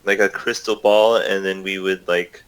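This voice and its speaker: A man voicing a big, bearded, gruff male sailor who rambles and chuckles while scheming. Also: low voice, fairly even intonation, normal speed, fairly bright tone, low-quality recording.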